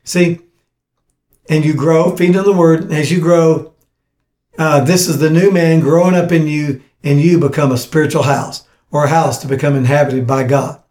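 A man's voice: on the high side, steady tone, normal speed, a little mellow. Earnest preacher man in an echoey room. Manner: earnest, repetitive exhortation. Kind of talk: teaching sermon with scripture reading.

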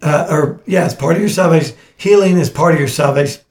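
A fast-talking man with a fairly high, slightly mellow voice preaches a teaching sermon in an echoing room, reading passages of scripture and repeatedly, earnestly urging his audience on.

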